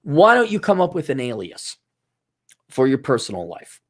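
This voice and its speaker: A man's voice: mid-range voice, huge pitch swings, moderate pace. A man giving casual, blunt advice in a rambling way, often stopping and restarting his sentences.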